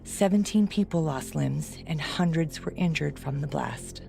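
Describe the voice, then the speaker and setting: A woman hosting a podcast, giving scripted narration and asking measured interview questions. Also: low voice, vocal fry, warm tone, faint music behind. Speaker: podcast host.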